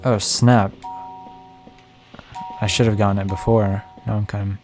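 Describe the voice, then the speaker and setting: Over game music, a young guy gives live commentary on his gameplay, joking and talking to himself. His lowish voice is a touch mellow, and he delivers it flatly and without hurry.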